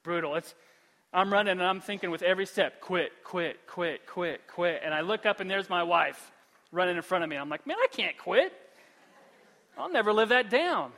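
A male pastor delivers a sermon in a church sanctuary, his voice high and sharply bright. He swings from soft, earnest pleading to loud, animated storytelling. A long hall reverb trails every phrase. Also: a little fast.

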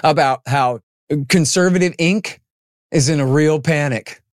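A man as an interview guest, talking in an animated, emphatic way and acting out the people he quotes. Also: a little high, unhurried, no room sound, clean studio sound. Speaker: podcast guest, antiwar writer. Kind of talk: casual interview talk.

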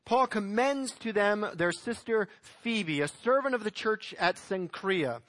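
A man's voice: sits high, lively intonation, measured pace, fairly bright tone. A man preaching a sermon as pastor, reading scripture verses aloud and exhorting his congregation.

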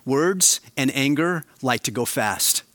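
A male pastor preaching a sermon, swinging between quiet, slow emphasis and animated, raised passages. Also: medium pitch, no echo.

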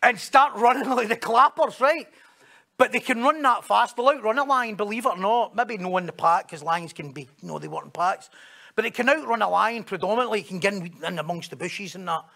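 A man's voice: sits high, brisk, vocal fry, pushed and bright. A man with a Scottish accent preaching a sermon, telling stories, joking and acting out the voices of the people he quotes.

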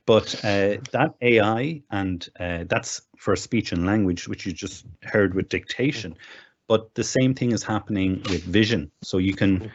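A middle-aged man, chatting casually and self-deprecatingly as he walks listeners through a software demo step by step. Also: fairly low pitch, a little slow, a little hiss or hum. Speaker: guest demonstrating software. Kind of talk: casual spoken tech demo. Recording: dull lo-fi remote recording.

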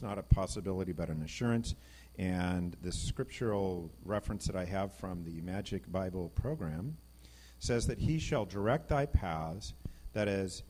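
A middle-aged man giving an informal Bible teaching, reading passages and talking them through with lively emphasis. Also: deep voice, breathy edge. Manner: conversational, reads scripture aloud, animated emphasis. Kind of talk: informal sermon.

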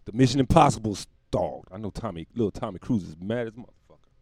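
A man's voice: lowish voice, lively intonation, quick pace, darkish tone, breathy edge, dry recording, clean studio sound. A man hosting his own podcast, rambling through a profane comedic monologue and laughing at his own jokes. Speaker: podcast host.

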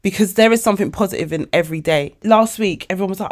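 A woman of forty, hosting a casual motivational podcast monologue, animated and emotional, calling her listeners babes. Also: mid-range voice, fast talker. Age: 40s. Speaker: podcast host.

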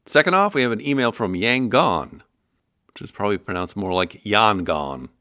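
A man with a Midwestern American accent hosting a finance podcast, explaining things in a measured way with dry humor. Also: medium pitch, very animated, pushed and bright, clean tone, dry recording. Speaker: podcast host.

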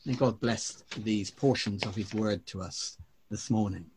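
A man's voice: on the low side, unhurried, a little mellow, slight background noise. A man reading scripture and preaching in a conversational way, with hesitant fillers. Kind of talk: Bible reading and sermon.

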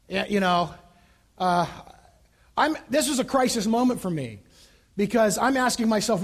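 Earnest older-sounding pastor telling a story. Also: male voice, sits high. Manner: earnest storytelling with halting restarts; grows quiet and hushed as the story turns tender. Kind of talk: sermon.

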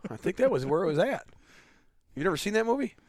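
A man co-hosting a casual podcast, cracking crude jokes with quick loud outbursts. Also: high voice, very animated, no room sound, studio quality. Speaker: podcast co-host. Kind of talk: casual chat.

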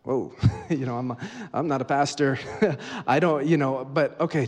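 A man's voice: medium pitch, moderate pace, darkish tone. A man preaches a sermon, telling stories and voicing the people in them with building energy. His voice sits in a middle register. It rings out with a long reverb, as in a church sanctuary. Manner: storytelling, acting out dialogue with rising energy. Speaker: guest preacher.

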